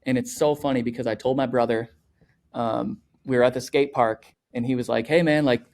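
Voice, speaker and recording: A man's voice: medium pitch, little pitch movement, brisk, vocal fry, darkish tone. A young man, a podcast guest, talking in a loose, rambling way and filling his sentences with "like" and "you know". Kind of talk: casual conversational storytelling.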